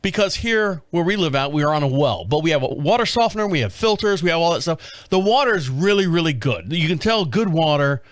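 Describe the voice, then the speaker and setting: A middle-aged man rambles through a story on his podcast, stumbling over restarts and chuckling as he goes. His fairly high voice swings widely in pitch. The recording is dry, with no room sound. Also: lively intonation, fairly quick, dry recording. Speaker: podcast host. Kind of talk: casual storytelling monologue.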